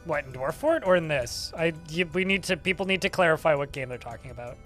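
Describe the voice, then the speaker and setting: A man's voice: a little high, expressive, fast, a bit bright, soft background music. A young man streaming a game live, chatting casually and sarcastically with his viewers and swearing freely.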